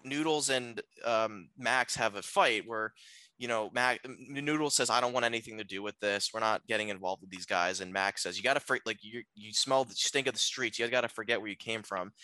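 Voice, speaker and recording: Once more on the film podcast, the co-host rambles through the plot with lots of fillers and restarts. His voice is mid-range, pushed, bright and smooth, at a normal speed, in a rough recording without echo.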